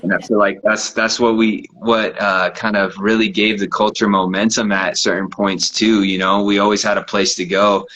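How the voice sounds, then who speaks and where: A man hosting a casual chat from his living room, relaxed and laughing often, with lots of fillers. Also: lowish voice, moderate pace, few pauses, low-quality recording. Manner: laid-back, laughs often, many fillers. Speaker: host.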